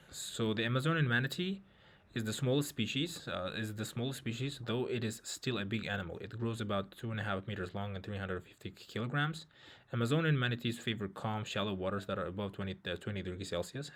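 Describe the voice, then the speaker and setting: A man working through an exam reading passage, thinking aloud with many fillers and restarts. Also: on the low side. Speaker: IELTS tutor. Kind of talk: walkthrough of a reading test.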